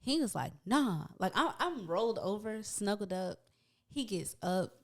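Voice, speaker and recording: A young woman, a podcast guest, telling a story in casual chat with lively emphasis. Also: medium pitch, a little slow.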